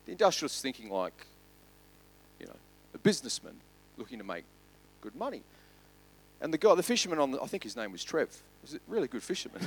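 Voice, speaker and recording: Aussie pastor animated sermon delivery, lively pitch, slightly high male voice. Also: quick pace, low-quality recording. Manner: animated, swings from loud to hushed.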